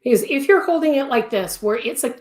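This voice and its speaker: A woman's voice: high voice, animated, brisk, a little mellow. Chatty woman teaching crochet live. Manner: chatty, repeats words for emphasis. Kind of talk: live-stream tutorial, answering viewers. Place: home craft studio. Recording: echoey room.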